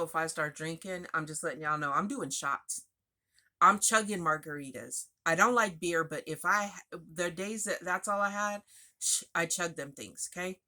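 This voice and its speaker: Woman, lowish voice, crisp and forceful, candid confessional storytelling. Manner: frank, confessional, chatty with asides. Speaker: vlogger sharing personal recovery story.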